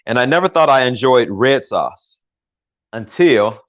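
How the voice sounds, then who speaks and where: An older American man walks viewers through a recipe in his home kitchen, chatting loosely, correcting himself and cracking small jokes. His voice sits at a middle pitch. The livestream audio is a little dull and lo-fi. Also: expressive, a little slow, fairly bright tone. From United States. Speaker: home cook hosting a livestream. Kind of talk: casual cooking demonstration.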